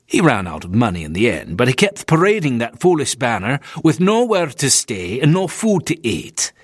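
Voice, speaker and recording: A prim, disapproving Victorian minister grumbles about a younger relative, as a male reader puts him on. The delivery is stiff and fussy with a lively, wide-ranging pitch. The recording is dry and close. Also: husky, no echo.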